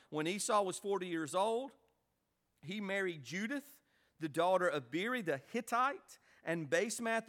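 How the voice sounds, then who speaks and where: A man preaching a Sunday night sermon, emphatic, asking rhetorical questions. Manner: emphatic, rhetorical questions, animated swings in pitch. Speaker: pastor.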